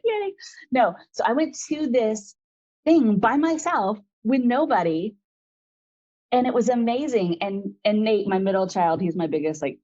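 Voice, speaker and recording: A woman's voice: lowish voice, dark tone, dull audio. A woman in her forties, an interview guest, telling a personal story in a rambling, frank way full of fillers.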